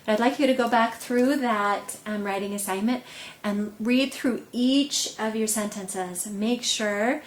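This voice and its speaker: A woman teacher casually giving students assignment reminders, relaxed and with frequent fillers. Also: fairly high pitch, a little slow. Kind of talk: casual classroom instructions. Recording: echoey room with faint noise.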